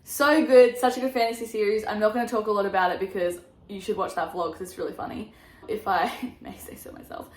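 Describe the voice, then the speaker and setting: A young woman chats excitedly about books she loved, gushing and laughing as she goes. Her voice sits at a middle pitch for a woman. The room around her gives a clear echo. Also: fast talker. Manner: gushing, animated, laughs often. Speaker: book vlogger. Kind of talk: casual book review vlog. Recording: echoey room.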